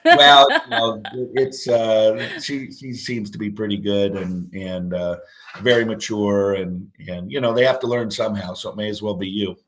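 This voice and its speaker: A man's voice: fairly low pitch, fairly even intonation, normal speed, a bit bright, low-quality recording. A man in his fifties, a guest on a parenting show, talking casually and rambling with many fillers and restarts. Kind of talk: casual interview talk.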